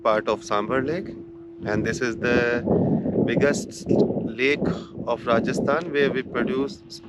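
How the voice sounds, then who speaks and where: A man working as a local guide, explaining things informally in slow English and searching for his words, outdoors at a salt plant. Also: medium pitch, very noisy.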